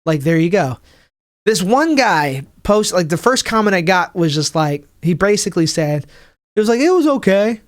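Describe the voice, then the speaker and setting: A young male comic rambles through a casual podcast rant, his voice sitting fairly high. He restarts sentences constantly, swears freely, and jumps his pitch up whenever he acts out what other people said. The close mic sounds dry, with almost no room in it. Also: lively intonation, moderate pace, no room sound. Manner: acts out people's quotes in a higher voice. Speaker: podcast host; stand-up comic. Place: home room, livestreaming.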